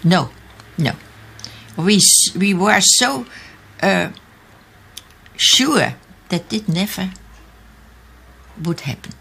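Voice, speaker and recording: Slow, halting older woman. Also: medium pitch, lively intonation, vocal fry, fairly bright tone, husky. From Austria. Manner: halting, searching for English words. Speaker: interviewee, eyewitness. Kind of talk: recalled testimony in an archive interview.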